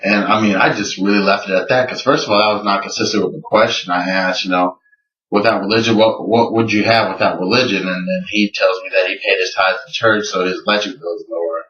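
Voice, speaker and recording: A man's voice: low voice, steady tone, fast talker, a bit bright. A man telling a story in a personal video submission, earnest and incredulous as he recounts conversations. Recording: roomy, distant, dull lo-fi recording.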